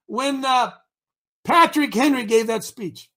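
A man's voice: high-pitched, animated, moderate pace, a bit bright. A man hosting a live talk show, preachy and rousing, rambling between points. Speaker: host.

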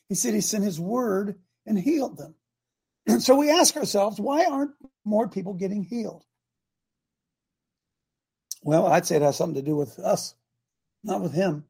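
Hosting a morning talk show, an older man preaches folksy and emphatic in a husky, gravelly voice. He raises his volume on some lines and drops it low on others for effect, yet keeps a plainspoken, conversational tone.

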